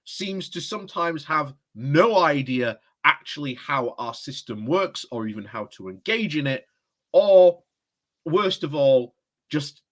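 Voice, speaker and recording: A man's voice: on the high side, a bit bright. A man giving casual political commentary to camera, rambling, correcting himself and sounding exasperated. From United Kingdom.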